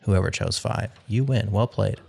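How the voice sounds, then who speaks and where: A man's voice: fairly low pitch, normal speed, creaky, a little mellow. A man hosting a podcast game show, reading out survey results in a playful, wry way.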